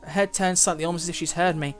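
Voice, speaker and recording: A man's voice: on the high side, steady tone, quick pace. A young man hosting a let's play, reading a visual novel aloud and reacting in a chatty, fretting way. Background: soft game music.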